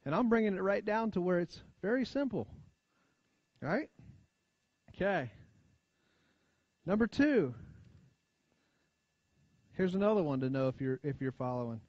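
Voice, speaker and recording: An American man preaching in a church, with a slightly high voice that sounds a little muffled and lo-fi. He talks in a chatty, conversational way, asks the congregation for amens, and sinks low and quiet on the lines he wants to stress. The sound is close and dry. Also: expressive, unhurried, pauses often, no echo. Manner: conversational preaching, frequent call-and-response asides. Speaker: pastor. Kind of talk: sermon. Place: church sanctuary. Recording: dull lo-fi church recording.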